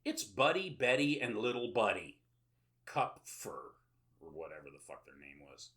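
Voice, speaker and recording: Rambling, jokey man with a bright voice. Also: lowish voice, sing-song, moderate pace. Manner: rambling, with many filler sounds and sarcastic asides. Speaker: podcast host. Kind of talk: casual plot recap with jokes.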